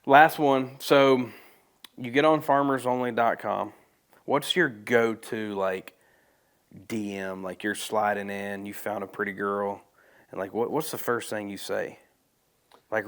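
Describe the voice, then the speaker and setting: A man hosting a podcast, asking questions in a relaxed, slangy way. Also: on the low side. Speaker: podcast host. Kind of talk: casual interview.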